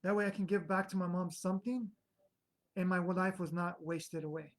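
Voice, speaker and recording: A man's voice: high voice, fairly even intonation, normal speed, rough recording. A man in an earnest, rambling personal testimony, often restarting his sentences as he recounts his past. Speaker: speaker sharing a personal story.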